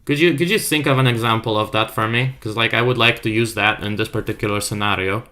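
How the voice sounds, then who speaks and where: Fast and pushed, his low, bright voice belongs to a young man whose first language isn't English and who puts on a self-made accent. He reads chat aloud on an art stream, joking around and trolling casually.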